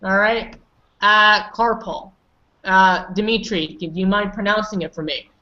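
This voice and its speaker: A woman's voice: medium pitch, normal speed, pushed and bright, highs cut off, a little hiss or hum. A woman teaching English pronunciation, patiently correcting students and calling on them by name. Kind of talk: online pronunciation lesson.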